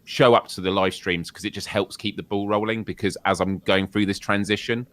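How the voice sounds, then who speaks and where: A man's voice: on the low side, steady tone, fairly quick, fairly bright tone. A British man co-hosting a gaming podcast, joking and laughing often in casual chat. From United Kingdom. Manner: jokey, laughs often, chatty. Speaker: podcast co-host.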